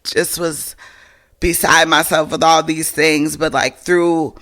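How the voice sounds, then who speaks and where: A woman co-hosting a podcast, telling stories in a casual, expressive way and swearing freely. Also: deep voice, slow pace. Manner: animated, expressive storyteller who swears casually. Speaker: podcast co-host. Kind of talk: casual storytelling chat.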